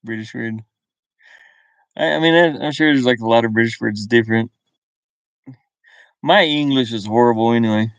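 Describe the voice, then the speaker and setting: A man's voice: medium pitch, normal speed, pauses often, no echo. Easygoing American man, faint Southern drawl. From US South (Kentucky and Virginia). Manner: easygoing, chuckles often, thinks aloud. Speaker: live-stream host. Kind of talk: casual live-stream chat, reading viewer comments. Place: inside his van.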